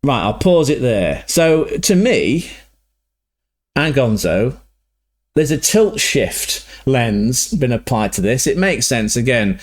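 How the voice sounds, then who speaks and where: A man's voice: medium pitch, sing-song, takes it slowly. Guy reacting to a game trailer, sweary and chatty, laughing as he goes, keeps saying right?. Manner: laughs often mid-sentence. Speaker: reaction video host. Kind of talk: casual reaction commentary.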